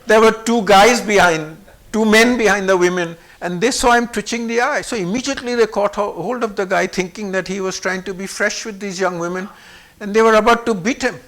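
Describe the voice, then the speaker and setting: High-voiced older man telling stories. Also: fairly quick. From Pakistan. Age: 70s. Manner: animated, shifts pitch and volume to act out other people's words. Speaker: interviewee recounting memories. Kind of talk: personal storytelling.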